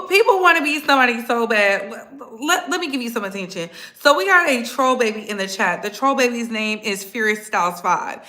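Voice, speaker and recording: A woman's voice: a little high, pushed and bright, echoey room. A woman hosting a casual livestream, blunt and sassy, talking straight to her viewers in the chat. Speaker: livestream host.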